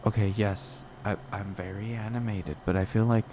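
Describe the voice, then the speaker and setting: A man's voice: lowish voice, fairly even intonation, moderate pace, noisy background. A young man talking alone on a podcast in a rambling, self-questioning way, full of restarts and fillers. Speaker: podcast host. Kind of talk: personal reflective monologue.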